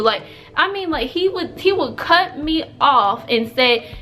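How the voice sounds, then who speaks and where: High-voiced young woman telling a story. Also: animated, a little slow, bright, forceful tone, faint music behind. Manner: chatty, emphatic, heavy use of fillers. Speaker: vlogger. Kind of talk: storytime vlog.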